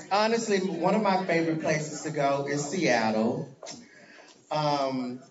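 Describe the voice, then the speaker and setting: A man's voice: a little high, slow, a crowd in the background. A man, a drag performer, chatting casually and laughing while answering fan questions on a live stream. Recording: echoey, dull live-stream audio.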